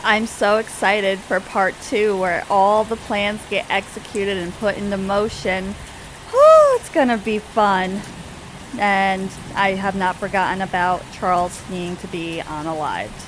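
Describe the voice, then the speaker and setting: A woman narrating her life-sim story in a chatty, giggly way. She fills her sentences with fillers and asides. Her pitch sits in an ordinary middle range. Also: fairly even intonation, a little slow, hardly any pauses, slight background noise, poor audio. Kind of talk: casual game story narration.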